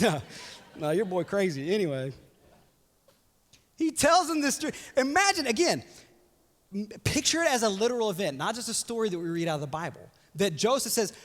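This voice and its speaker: A young adult man preaching in a church hall, his voice high and lively, bouncing all over as he jokes and acts out quotes. A long reverb trails every line. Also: fairly quick. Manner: animated, joking, voices quotes playfully. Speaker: pastor. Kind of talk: sermon.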